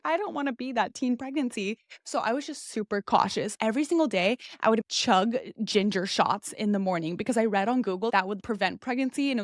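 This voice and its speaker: A woman's voice: mid-range voice, no echo, studio quality. A young woman hosting a podcast, talking in a candid, chatty monologue full of "like". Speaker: podcast host.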